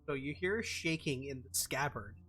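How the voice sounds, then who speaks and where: A man running a tabletop game as game master, narrating in a halting way with restarts. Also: mid-range voice, fairly bright tone, soft background music.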